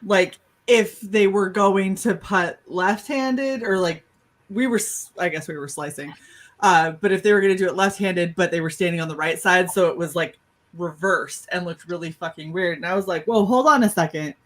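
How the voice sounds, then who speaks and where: A woman on a panel show, telling a personal story in casual chat, animated and cursing freely. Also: fairly low pitch, moderate pace, low-quality recording. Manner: animated, swearing, laughing storyteller. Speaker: podcast panelist.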